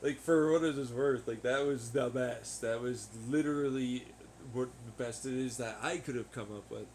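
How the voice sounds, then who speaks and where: A man hosting a podcast in a rambling, casual monologue, swearing freely, laughing often and getting loud when excited. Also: mid-range voice, moderate pace, slight background noise. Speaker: podcast host. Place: at home on laundry day.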